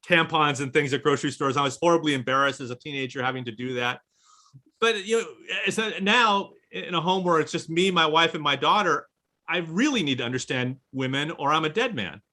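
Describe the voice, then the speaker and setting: Bright-voiced animated man on a video panel. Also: a little high, fairly quick. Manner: animated, mock-indignant, joking. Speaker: author panelist. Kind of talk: casual panel chat.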